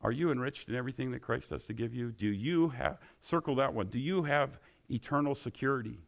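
Gravelly-voiced preacher man. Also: mid-range voice, a little fast. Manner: repetitive, emphatic questioning. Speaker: pastor. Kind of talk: sermon.

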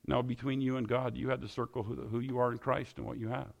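A man preaches to his congregation. He leans on emphatic, repeated questions. His voice sits at a middle pitch with a gravelly, crackling edge. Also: flat delivery, fast. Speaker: pastor. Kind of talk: sermon.

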